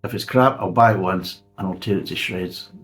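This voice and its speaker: A blunt man giving a casual spoken beer review. He is sarcastic and swears freely. His voice is fairly low. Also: moderate pace, a bit bright, faint music behind.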